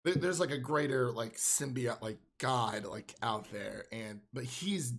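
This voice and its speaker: A man's voice: mid-range voice, expressive, measured pace, a bit bright. Male co-host, rambling casual talker, full of fillers and restarts. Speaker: podcast co-host. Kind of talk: casual chat.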